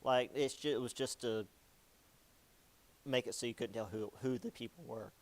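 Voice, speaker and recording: A man's voice: a little high, lively intonation, normal speed, long pauses. A young man giving a casual history lecture, chatty and jokey, with many ums and likes.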